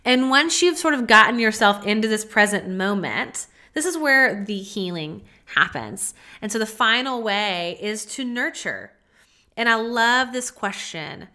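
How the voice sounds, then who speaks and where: Bright-voiced woman hosting a mindfulness podcast. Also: a little high, expressive, measured pace. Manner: gentle, coaching, speaks softly when modeling self-talk; casual, frequent "like" and "you know". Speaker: podcast host. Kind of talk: solo podcast monologue on mindfulness. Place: home office.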